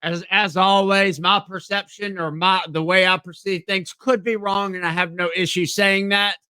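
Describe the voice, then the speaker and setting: Southern male podcast host, higher voice, casual and halting, reads aloud with frequent apologies to viewers. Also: flat delivery, pushed and bright, clean tone, no echo. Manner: stumbling reading aloud, apologetic asides. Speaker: live stream podcast host. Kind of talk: casual live stream, reading aloud.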